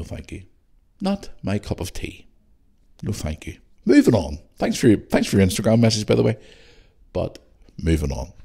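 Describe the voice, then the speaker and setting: A man's voice: low-pitched, creaky, warm tone, slightly rough. A man hosting a solo podcast, ranting in an exasperated, sarcastic way. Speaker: podcast host.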